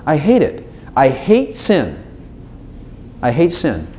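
A man whose voice is a little high takes his time delivering a casual sermon, and the audio carries a slight hiss or hum. Animated throughout, he dramatizes his prayers and God's answers using different voices.

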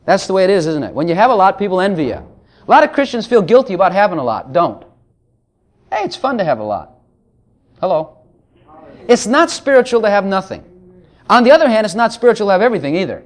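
A man's voice: high-pitched, big pitch swings, fast talker, pauses often. A man preaching a sermon, joking between passages of scripture he reads aloud. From Texas.

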